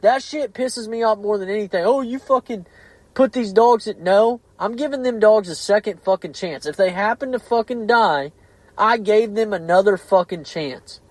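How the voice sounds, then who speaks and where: A man's voice: high voice, normal speed, no echo, poor audio. Blunt, foul-mouthed man. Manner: heavy swearing, heated and blunt. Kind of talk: casual podcast chat.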